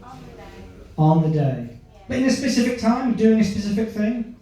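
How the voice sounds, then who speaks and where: On a comedy club stage, a comedian performs stand-up and works the crowd, chatting and quizzing people in the audience. He has a high, dark-toned voice with big pitch swings at normal speed, captured from a distance in an echoey room.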